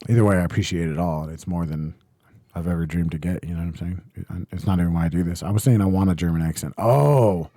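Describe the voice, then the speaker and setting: Laid-back young man, low mellow voice. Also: fast talker, no room sound, clean studio sound. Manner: laid-back, loose, swears often, reads chat aloud. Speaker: livestream host. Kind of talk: casual livestream chat. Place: home streaming setup.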